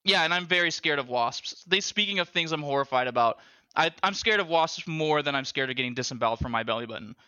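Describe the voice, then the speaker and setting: A man hosting a podcast, telling animated stories with heavy swearing and bursts of laughter. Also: on the high side, quick pace, smooth, no room sound, muffled recording. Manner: profane, animated storyteller with loud laughing bursts. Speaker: podcast host. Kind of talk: casual chat, storytelling.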